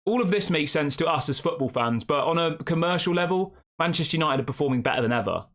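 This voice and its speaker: A man's voice: a little high, lively intonation, fast, a bit bright. A man hosting a fan channel live stream, rambling casually and reacting to the chat with rhetorical questions.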